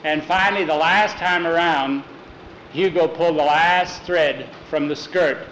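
Folksy high-voiced male storyteller. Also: unhurried, a bit bright. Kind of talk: oral storytelling. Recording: roomy echo, faint noise.

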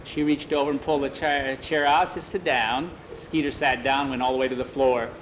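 A man's voice: medium pitch, flat delivery, a little fast, very noisy. A man telling a folksy western story aloud, filling it with "he says" and "he said".

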